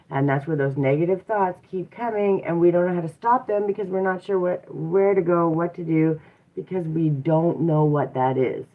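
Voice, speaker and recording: A woman hosting a motivational livestream, talking reflectively and encouragingly with rhetorical questions and frequent "um"s. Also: low-pitched. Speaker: livestream host and mindset coach. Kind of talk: casual motivational livestream talk. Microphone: device mic from a live stream. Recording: tinny phone-like live stream audio.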